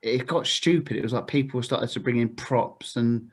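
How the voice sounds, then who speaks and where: Bloke rambling through a story, mid voice, loads of "like" and "mate". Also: male voice, mid-range voice, moderate pace, slightly rough. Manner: laddish, chatty, lots of fillers. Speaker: podcast guest. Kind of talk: casual storytelling.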